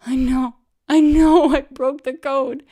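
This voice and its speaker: A woman voicing a distraught, tearful woman who plays word games, pleading and high-strung. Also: expressive, fairly quick, warm tone, close to an everyday voice. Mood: sobbing.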